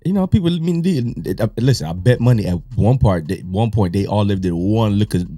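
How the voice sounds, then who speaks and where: A man's voice: on the low side, animated, brisk, warm tone, no room sound, faint music behind. A man hosting a reaction show, chiming in and agreeing as he comments on a story. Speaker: host reacting to a clip.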